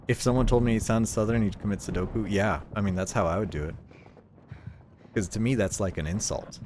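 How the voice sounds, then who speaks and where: A man's voice: fairly low pitch, fairly even intonation, quick pace, a little hiss or hum. Rambling, swearing young man over gunfire. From United States. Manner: rambling, profane, lots of fillers. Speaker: streamer. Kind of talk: casual gaming stream chat. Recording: game gunfire loud behind voice. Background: gunfire and game sounds.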